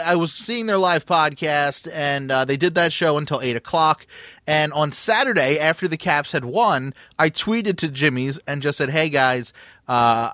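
A man with a slightly high voice tells a rambling story in casual chat, full of "uh" and restarts. He talks fast when it picks up. The sound is dry and close. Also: no echo. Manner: excitable storyteller, many fillers and restarts. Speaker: podcast co-host.

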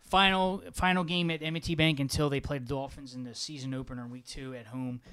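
A man co-hosting a podcast, chatting casually about football in an excitable, rambling way, his pitch jumping when he gets worked up. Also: fast talker, clean tone. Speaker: podcast co-host. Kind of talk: casual sports chat.

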